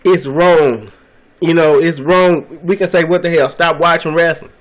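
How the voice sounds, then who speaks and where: Male vlogger, fed-up ranter, fairly high voice, repetitive and profane. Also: measured pace, low-quality recording. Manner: frustrated, repetitive, profane outbursts. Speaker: vlogger ranting about wrestling. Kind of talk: angry video rant.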